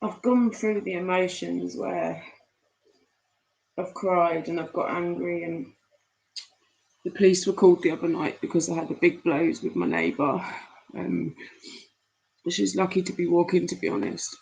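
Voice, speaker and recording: Slow, gravelly-voiced tearful woman. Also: lowish voice, fairly even intonation, darkish tone, poor audio. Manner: halting, many pauses and fillers. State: tearful, grieving. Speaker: live streamer. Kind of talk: live stream chat with viewers. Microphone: laptop mic.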